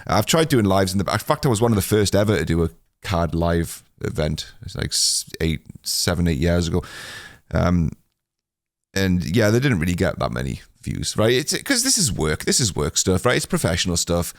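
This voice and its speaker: A man's voice: sits low, big pitch swings, moderate pace, no room sound, studio quality. A man hosting a solo podcast, chatting casually in a rambling, self-deprecating way with lots of filler sounds. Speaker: podcast host.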